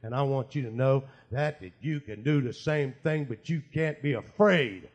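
A man preaching a sermon, telling stories and acting out the people in them, with quiet asides and loud bursts of prayer. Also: medium pitch, moderate pace. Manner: storytelling, voices quoted people, swings from quiet asides to loud shouted prayer. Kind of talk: sermon with acted anecdotes.

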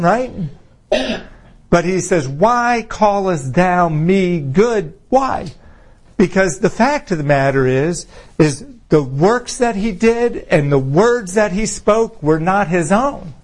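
A man preaching an informal sermon to his fellowship, conversational, full of rhetorical questions, slowing down for emphasis. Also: high-pitched. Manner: conversational, rhetorical questions, swings between slow emphasis and quick asides.

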